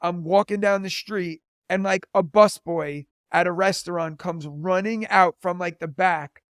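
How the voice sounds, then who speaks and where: Appearing as an interview guest, a thirtysomething teacher and comedian spins stories at a measured pace, his high voice clean and sprinkled with constant "like"s. The audio is dry and close, with no room around it.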